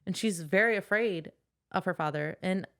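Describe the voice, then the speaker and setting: A woman's voice: fairly low pitch, normal speed. A woman co-hosting a casual book podcast, retelling scenes and acting out characters' lines. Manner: animated retelling, acts out quotes. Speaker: podcast co-host. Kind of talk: casual book-club chat.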